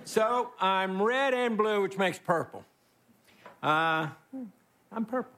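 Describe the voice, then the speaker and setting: A man from Texas giving a rambling, deadpan, self-mocking stand-up monologue as guest host on a stage before a live audience. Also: high voice, slow. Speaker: comedy show guest host. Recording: roaring studio audience laughter.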